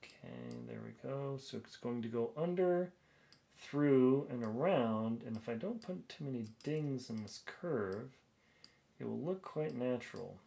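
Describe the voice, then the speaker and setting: A man's voice: medium pitch, expressive, a little slow, gravelly, warm tone. A man streaming live as he works, chatting casually, laughing, and thinking aloud. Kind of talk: casual live-stream chat while working.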